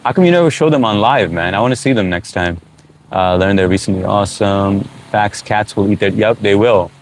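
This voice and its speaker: A middle-aged man from the United States, speaking in a very low, deep voice. He hosts a live stream in a loose, easygoing way, reading viewer comments aloud with plenty of fillers. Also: a little fast, a little hiss or hum. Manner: relaxed, reads out chat comments, frequent uh fillers. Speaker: livestream host. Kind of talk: casual live chat.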